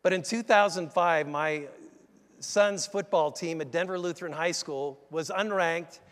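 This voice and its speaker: Animated pastor preaching in a large church. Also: male voice, a little high, unhurried. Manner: animated, conversational, addresses the congregation directly. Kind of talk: sermon storytelling. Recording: echoey church hall.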